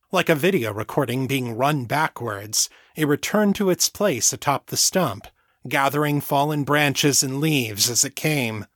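A man narrating a novel chapter in a steady, measured reading voice. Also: mid-range voice, dry recording, studio quality. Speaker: audiobook narrator. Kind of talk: scripted narration.

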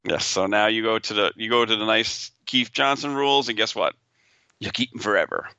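A man co-hosting a casual podcast, his voice sharp and very bright. The recording is dry and somewhat dull, with little room sound. He talks easily and keeps chiming in with quick agreement. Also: lowish voice, clean tone, no echo. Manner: agreeable, chimes in with short replies. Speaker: podcast co-host. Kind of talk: casual chat.

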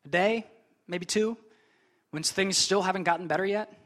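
A man's voice: high-pitched, moderate pace, fairly bright tone. A young man preaching a sermon as pastor, conversational and chatty, with frequent casual asides.

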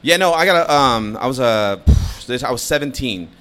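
A man's voice: mid-range voice, expressive, normal speed, sharp tone, faint music behind. A man, a comedian guest, starting a fight story on a live podcast, hesitant with lots of ums and uhs.

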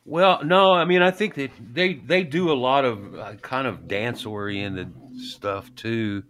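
A man with a Southern American accent co-hosting a podcast, easygoing and quick to laugh. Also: medium pitch, fairly bright tone, slight background noise. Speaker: podcast co-host. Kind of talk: casual chat.

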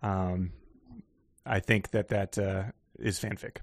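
A man's voice: sits low, slow, dry recording, studio quality. A man chatting as a guest, thinking aloud with many hesitations and big reactions. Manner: hesitant, lots of fillers, expressive reactions. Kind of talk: casual chat.

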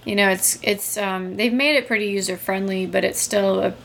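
A woman with a gravelly, fry-edged voice explains a technical process as a guest. She talks step by step with casual fillers. Faint noise sits beneath her. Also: medium pitch, fairly even intonation, moderate pace, a bit bright. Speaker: guest, toy maker. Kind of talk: casual interview chat.

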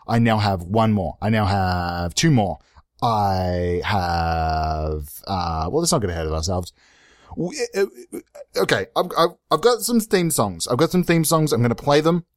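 A young man hosting a solo comedy podcast, rambling and self-mocking with frequent restarts and sudden excited jumps in pitch. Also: no room sound, studio quality. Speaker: podcast host.

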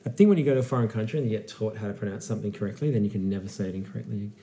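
Rambling man with a dark, mellow voice. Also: lowish voice, very fast. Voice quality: rambling, animated storytelling. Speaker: podcast co-host. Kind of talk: casual beer-review chat.

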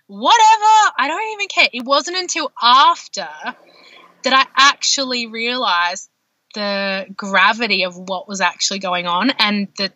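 A woman, a podcast guest telling her personal birth story in an animated way, full of fillers. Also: on the high side, dry recording. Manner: animated, heavy use of filler words. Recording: dull lo-fi dry sound.

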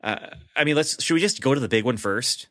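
A man's voice: medium pitch, animated, fast talker, a bit bright, no echo. Male podcast host, dry close mic, chatty, laughs, loose fillers. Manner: chatty, laughs often, many fillers and restarts. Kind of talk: casual chat.

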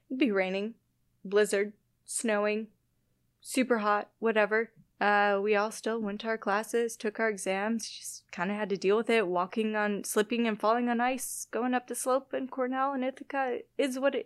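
A woman's voice: medium pitch, clean tone, no echo. A woman in her thirties from the US Midwest, chatting in an interview with frequent laughs and self-deprecating asides. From Illinois-Wisconsin border, US Midwest. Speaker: guest biologist. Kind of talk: casual interview chat.

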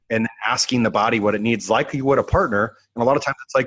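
A man's voice: medium pitch, very fast, hardly any pauses, a bit bright, slightly rough, dry recording. A man talking as a coach in an earnest, reflective way, circling back on his phrases in a podcast conversation.

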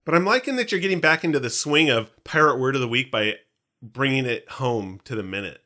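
A man co-hosting a podcast, talking in a loose, rambling and jokey way. His voice is bright and his pitch moves around a lot. It sounds like easy banter between friends. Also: lively intonation, a little fast. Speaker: podcast co-host. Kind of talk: casual chat.

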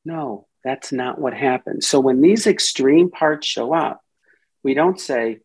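A man's voice: mid-range voice, takes it slowly, slightly rough, rough recording. A man speaking as a therapist and podcast guest, explaining ideas at length and briefly acting out inner voices in quotes. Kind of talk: explanatory interview talk.

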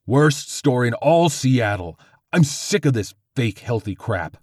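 A man voicing a gruff, angry bald man yelling slowly and emphatically. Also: medium pitch, expressive, no room sound, studio quality, voice pushed up. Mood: furious.

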